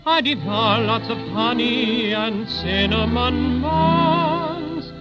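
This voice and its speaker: An actor playing a small, good-natured male teddy bear with an Irish brogue, who sings a slow growling rhyme and chats kindly. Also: very high-pitched, loud music behind the voice, heavily acted. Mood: sing-song. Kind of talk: 1930s radio acting. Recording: dull old radio recording.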